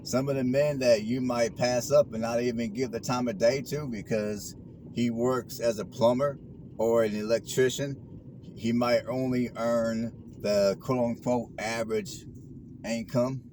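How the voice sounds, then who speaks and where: A man's voice: medium pitch, steady tone, a little slow. A man vlogging from his car, giving preachy advice in casual slang and repeating his points. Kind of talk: casual talk while driving. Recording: car noise behind.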